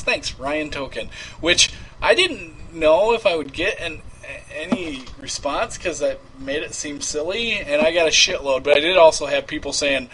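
Guy running his own prank call show, bright voice, kinda high, rambly, giggles a lot. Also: lively intonation, a little slow, slight background noise, low-quality recording. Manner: rambling, laughs often, trails off into mumbling. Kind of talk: casual live show chat.

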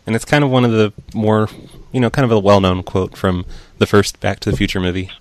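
A man hosting a movie-quote guessing game in a casual online chat, relaxed and offhand. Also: fairly low pitch, a little fast, no room sound. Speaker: quiz host.

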